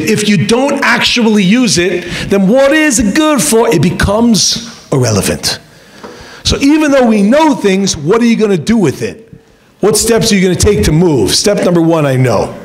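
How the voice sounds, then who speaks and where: A middle-aged man speaks as a rabbi in a seminar room, his voice sitting a little high for a man. He talks in an animated, joking way, tells stories to young students and acts out the lines he quotes with big jumps in pitch. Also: a little fast. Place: lecture room with an audience.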